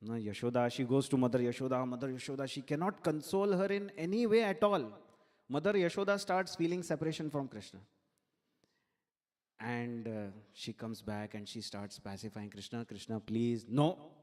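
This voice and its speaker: A man's voice: medium pitch, fairly quick. Man telling a sacred story in a hall. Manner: animated storytelling, laughs at his own story. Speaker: temple speaker. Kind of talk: devotional sermon storytelling. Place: temple hall. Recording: long hall reverb.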